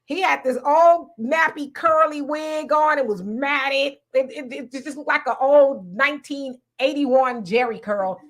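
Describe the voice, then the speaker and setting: A woman co-hosting a casual talk show, telling an animated story. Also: high-pitched, measured pace, few pauses. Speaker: co-host.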